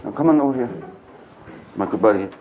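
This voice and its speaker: A man's voice: lowish voice, brisk, narrow, tinny audio, a little hiss or hum. Earthy male storyteller, old archive tape. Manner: animated and earthy, mixing jokes and blunt language. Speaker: speaker at a men's gathering. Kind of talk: storytelling lecture to a live audience.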